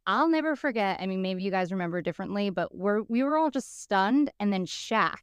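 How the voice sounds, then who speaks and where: A woman co-hosting a podcast tells a story in casual chat, animatedly acting out the people she quotes. Her mid-range voice is clean in tone, fairly quick, and free of echo.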